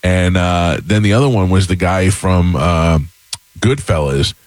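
A man with a deep, low voice tells stories on a talk show. He is recorded close and dry, with no room sound. He acts out the lines of the people in his stories as he goes. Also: a little slow, no room sound, rough recording. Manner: animated anecdotes, acting out others' voices. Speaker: podcast host. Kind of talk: casual storytelling chat.

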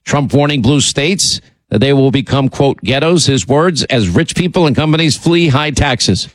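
A man's voice: mid-range voice, animated, moderate pace, no room sound. A man hosting a political talk show, delivering a combative, sarcastic monologue with frequent restarts and asides. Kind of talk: monologue commentary.

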